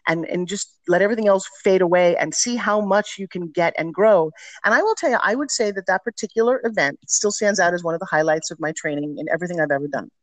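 On a dry recording, a middle-aged woman with a mid-range voice is interviewed as a podcast guest. She tells candid stories with plenty of energy and emphasis.

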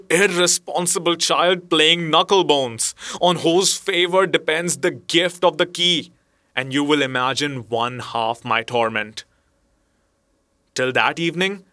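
A man narrating a story in a bright, forward voice that sits a little high. He reads in a measured way. The recording is dry and close. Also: no room sound. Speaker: audiobook narrator. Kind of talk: scripted narration.

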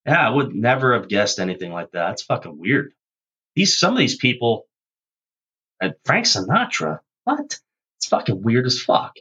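A man bantering in profane improv comedy, loud and animated, with squeaky outbursts. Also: moderate pace, breathy edge. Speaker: co-host.

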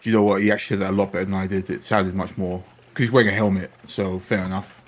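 Sweary, low-voiced man playing a tabletop game. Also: little pitch movement, fast. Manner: sweary, joking. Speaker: player. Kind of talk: casual tabletop chat.

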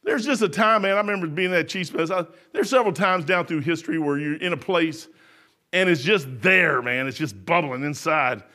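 A man's voice: a little high, normal speed, bright, forceful tone. A man preaching a sermon in a folksy, rambling way, full of restarts.

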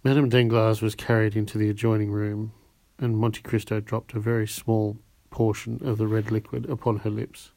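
Guy reading an old novel aloud, low mellow voice, dry sound. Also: level tone, vocal fry, no echo. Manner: measured, with small slips and restarts. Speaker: audiobook reader. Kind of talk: classic novel narration.

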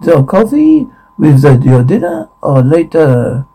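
A man voicing a polite restaurant waiter with a put-on French accent, speaking softly. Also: a little high, wildly swooping pitch, slow pace, breathy edge, exaggerated voice, rough recording.

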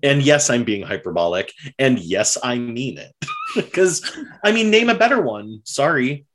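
A man in casual conversation, eagerly retelling a story with lots of fillers and quick bits of acted-out dialogue. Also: mid-range voice, a little hiss or hum. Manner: animated storyteller, many fillers, acts out characters' lines. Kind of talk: casual chat recapping a period drama.

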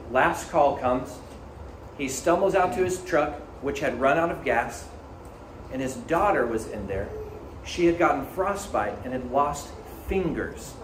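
A man preaching a sermon as pastor, talking in a conversational, earnest storytelling way. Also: on the high side. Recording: echoey room, faint ambient noise.

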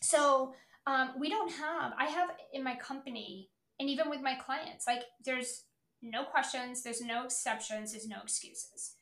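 Brash, profane woman with a high voice. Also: unhurried, a bit bright, roomy sound. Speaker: podcast host, sales coach. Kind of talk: blunt motivational podcast rant.

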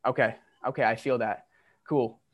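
A man's voice: mid-range voice, steady tone, moderate pace, breathy edge. Curious, enthusiastic male podcast host. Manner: curious, enthusiastic, loose and swearing casually. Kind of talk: casual podcast interview.

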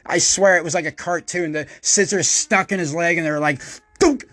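A man with a high voice tells a story on his podcast, cursing freely and jumping into loud, animated quotes. The sound is dry and close, with no room around it. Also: brisk, no echo. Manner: profane, animated, acts out quotes loudly. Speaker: podcast host. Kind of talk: casual storytelling monologue.

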